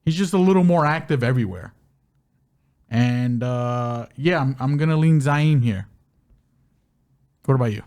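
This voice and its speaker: A man's voice: mid-range voice, a little slow, pauses often, darkish tone, smooth. A man co-hosting a casual combat-sports betting podcast, loose and hedging with frequent "you know". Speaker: podcast co-host, betting analyst.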